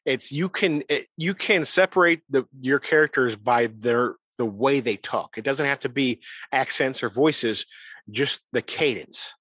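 A man's voice: medium pitch, unhurried, a bit bright, slightly rough, dry recording, clean studio sound. Joking man in casual chat. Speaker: player.

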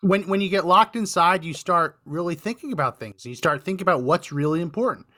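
A man's voice: high voice, lively intonation, brisk, bright, forceful tone, no room sound, clean studio sound. A man hosting a call-in talk show, chatty and agreeable, often affirming the caller. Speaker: host.

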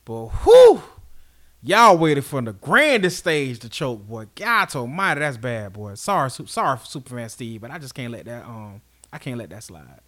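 A man's voice: mid-range voice, expressive, normal speed, hardly any pauses, bright, forceful tone. A man co-hosting a podcast, giving blunt, scolding rants in casual sports chat. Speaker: podcast co-host.

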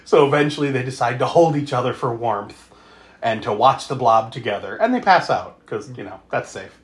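A man's voice: mid-range voice, expressive, normal speed. A man co-hosting a podcast, recapping a movie in casual chat, laughing often, swearing freely and acting out the characters' lines. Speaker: podcast co-host.

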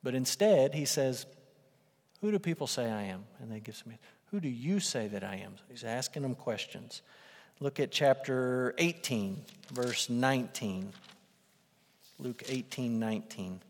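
A man preaching to a congregation, mostly chatty and direct but surging loud when he drives a point home. His mid-pitched voice rings out with a long reverb tail from a large hall. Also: expressive, measured pace. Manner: conversational, emphatic, rising to loud bursts for quoted lines. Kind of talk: sermon.

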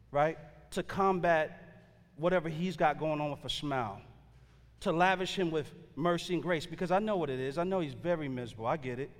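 A man's voice: fairly high pitch, fairly quick. Casual storytelling man preaching in a hall. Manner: conversational storytelling with slang and repeated fillers. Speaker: pastor. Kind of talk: sermon.

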